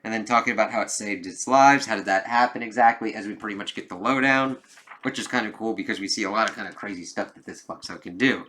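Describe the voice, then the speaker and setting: A man giving a casual, rambling review of a comic book, swearing often and acting out dialogue in lively voices. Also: lowish voice, fast talker, slight background noise. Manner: profane, rambling, with many "like" fillers.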